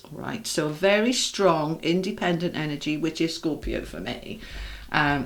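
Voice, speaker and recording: A woman giving a chatty tarot card reading, talking straight to her viewers in a reassuring way. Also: low voice. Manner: warm, chatty and reassuring, addresses viewers directly. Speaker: tarot reader.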